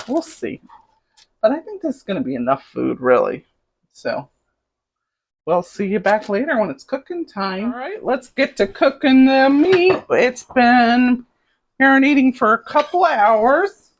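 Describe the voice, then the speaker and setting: A woman's voice: medium pitch, highs cut off. Chatty middle-aged woman cooking at home. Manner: chatty, rambling, talks to camera while cooking. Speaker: cooking show host. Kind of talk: casual cooking vlog. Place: home kitchen. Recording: noisy kitchen with clattering dishes. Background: pots, pans and dishes clattering.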